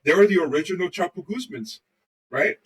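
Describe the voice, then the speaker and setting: A man with a high-sitting voice and lively intonation speaks a little fast, picked up by a distant mic on a low-quality recording. He co-hosts a podcast, chatting casually and telling rambling, profane stories full of swearing.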